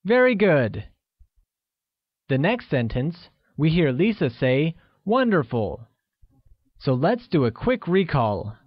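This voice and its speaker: A man's voice: a little high, big pitch swings, no echo, muffled recording. A man narrating a scripted language lesson, carefully enunciating and explaining each word. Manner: slow, carefully enunciated teaching delivery. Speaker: language teacher.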